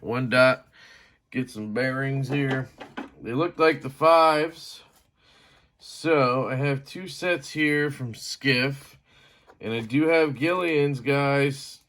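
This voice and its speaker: A man's voice: medium pitch, bright, forceful tone. A man taking apart a knife on camera, rambling to his viewers, often grumbling and joking at himself. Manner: rambling, self-deprecating, talks to viewers while fiddling; mild swearing and grumbling. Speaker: knife reviewer. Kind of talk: casual knife disassembly vlog.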